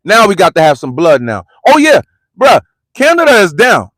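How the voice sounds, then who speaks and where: A man from the United States with a very high voice rants in a heated street vlog, hammering the same slangy lines again and again. His voice is close and dry on a phone mic, with no room sound. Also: wildly swooping pitch, normal speed, fairly bright tone, no echo. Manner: repetitive, slangy, confrontational ranting. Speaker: vlogger and commentator. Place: parked car.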